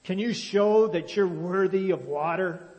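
A man puts on a stern, fault-finding water keeper from a spoken storybook tale. He barks his rules loudly in a slightly high voice, and the words ring through a big hall. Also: a little slow. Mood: scornful.

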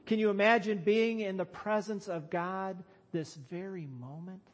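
A man preaching a sermon to his church, slow and emphatic, rising to loud calls on key lines. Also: high voice, fairly even intonation, a little hiss or hum. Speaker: pastor.

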